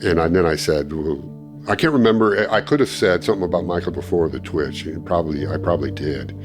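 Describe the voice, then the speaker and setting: An older man, interviewed, recounting a personal story and acting out what others said in lively bursts. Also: low voice, fairly quick, over music. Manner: animated storytelling, acting out quoted speech. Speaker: interviewee, former ministry student.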